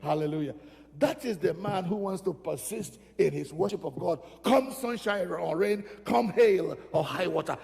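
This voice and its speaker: A man's voice: high-pitched, normal speed, gravelly, darkish tone. A man preaching a sermon as pastor, emphatic and repeating phrases for stress. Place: church sanctuary. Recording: reverberant church hall.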